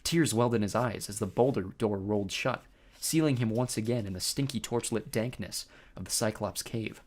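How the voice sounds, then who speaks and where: A man narrating a first-person audiobook with expressive storytelling. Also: lowish voice, moderate pace.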